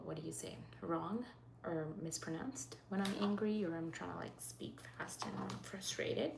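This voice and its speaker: A woman hosting a live makeup stream, chatting casually and often dropping into soft half-whispers. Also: low-pitched, vocal fry. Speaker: livestreaming makeup host. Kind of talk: casual live makeup chat, reading comments. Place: at home in Saskatchewan. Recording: faint background noise.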